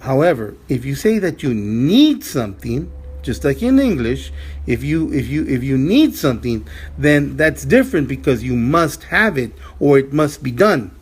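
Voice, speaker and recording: A man teaching a language lesson, speaking slowly and repeating words, with frequent restarts. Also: medium pitch, sing-song, slightly rough. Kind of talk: slow spoken language lesson.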